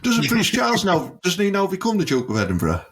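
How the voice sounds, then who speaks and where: A man's voice: high-pitched, wildly swooping pitch, brisk, a bit bright, husky. A man, hosting a comedy podcast in a crude, cheeky, self-promoting manner. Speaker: podcast host.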